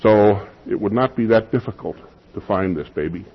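A male pastor delivers a sermon with emphasis, often repeating his key phrases for weight. His voice sits low and a little husky. The recording is dull and lo-fi. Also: moderate pace.

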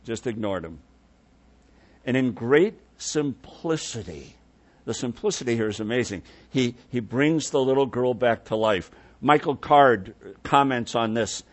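A man preaching a sermon, unhurried, dropping to soft low tones for quoted words and swelling when he makes a point. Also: animated.

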